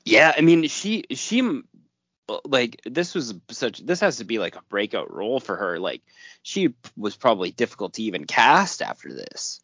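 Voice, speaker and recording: A man's voice: mid-range voice, big pitch swings, normal speed, a bit bright, breathy edge, no echo. A man co-hosting a podcast in casual chat, blunt, joking and freely swearing, recorded dull and dry. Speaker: podcast co-host.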